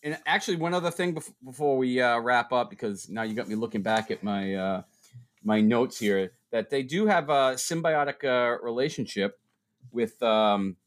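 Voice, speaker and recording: A man's voice: mid-range voice, moderate pace. A man co-hosting a casual podcast chat, teasing his co-host and laughing often.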